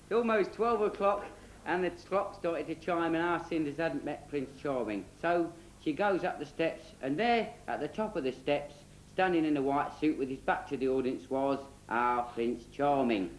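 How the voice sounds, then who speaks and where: A man's voice: fairly high pitch, normal speed, slight background noise. A man, presenting and telling a spoof children's story in a cheeky, giggly storybook tone. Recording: roomy echo.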